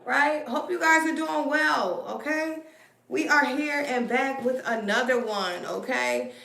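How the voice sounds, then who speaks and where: A woman's voice: high-pitched, a little slow, gravelly, recorded from a distance. A woman hosting a tarot live stream in casual chat, greeting viewers and laughing often. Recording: roomy echo over loud music.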